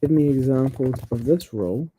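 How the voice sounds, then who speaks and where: A man's voice: medium pitch, normal speed, dark tone, a little hiss or hum. A man co-hosting a study show, chatting about word stress, reading explanations aloud and reacting with surprise. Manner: curious, exclaims in surprise, reads explanations aloud. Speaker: co-host of a scripture study show. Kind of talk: casual chat about pronunciation.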